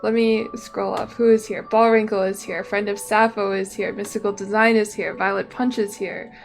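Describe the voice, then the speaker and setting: A young woman streams live, chatting casually and rambling as she keeps breaking off her own sentences, sounding slightly out of breath. She uses a desk microphone without a camera, and faint music sits behind her gravelly, medium-pitched voice, which stays fairly level at a moderate pace.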